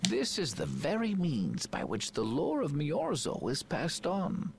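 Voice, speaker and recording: A man voicing a calm, formal old male village elder, reading game lines aloud in a measured way. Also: fairly high pitch, vocal fry, a little hiss or hum, pitched above the performer's own voice, heavily acted. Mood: solemn.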